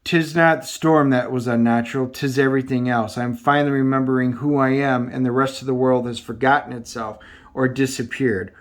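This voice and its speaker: A man's voice: medium pitch, steady tone, brisk, close to an everyday voice. A man reading the lines of a proud male thunder god from a comic, in grand, formal, old-fashioned speech. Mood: bewildered.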